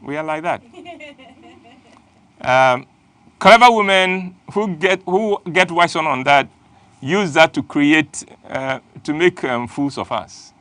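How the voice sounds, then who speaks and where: A man's voice: a little high, slow pace, pauses often, fairly bright tone, dry recording. A middle-aged man, hosting a playful, emphatic motivational talk. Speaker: host.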